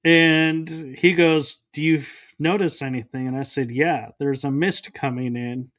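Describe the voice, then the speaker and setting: A man's voice: fairly high pitch, steady tone, a little slow, a bit bright. A man, a podcast guest, recounting a personal experience in an interview and acting out the dialogue. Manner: storytelling that acts out quoted dialogue.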